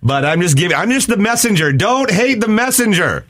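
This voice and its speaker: A man visiting from another station's studio, delivering a message in a playful, flustered way. His voice sits fairly high and bounces around in pitch. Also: sing-song, brisk, fairly bright tone, no echo. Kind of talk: casual radio banter.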